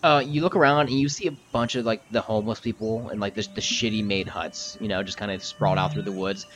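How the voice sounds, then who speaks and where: Brief: male game master, rambling casual narration, low voice. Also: steady tone, fast talker, a bit bright, faint music behind. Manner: loose, filler-heavy narration. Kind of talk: narrating a tabletop game podcast.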